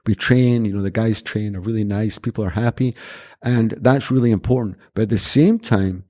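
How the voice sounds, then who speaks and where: A man's voice: fairly low pitch, moderate pace, warm tone. A man, a martial arts instructor, talking earnestly in a rambling, conversational interview. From Scotland. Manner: earnest, rambling anecdotes with many restarts. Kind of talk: casual conversational storytelling.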